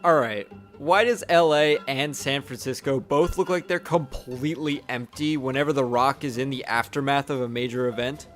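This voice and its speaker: A man's voice: mid-range voice, normal speed, few pauses, fairly bright tone, soft background music. A young man giving a casual, sarcastic movie review voice-over, blunt and swearing offhandedly.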